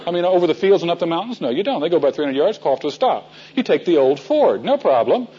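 Husky-voiced man teaching a Bible class. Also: a little high, sing-song, fast, warm tone, highs cut off. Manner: folksy storytelling, asks the audience questions. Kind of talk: Bible teaching to a men's group.

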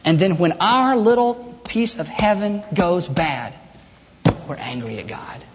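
A man's voice: high-pitched, lively intonation, unhurried, slight background noise. A man preaching a sermon as pastor, impassioned and rhetorical, acting out people's prayers. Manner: impassioned, rhetorical, acts out prayers in mocking voices. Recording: dull echoey hall.

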